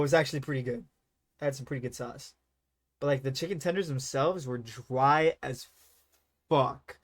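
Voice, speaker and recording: A young man streaming live, chatting casually in a rambling, profane, self-mocking way, with sudden loud jumps when he acts out his own reactions. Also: mid-range voice. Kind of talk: casual live-stream chat while gaming.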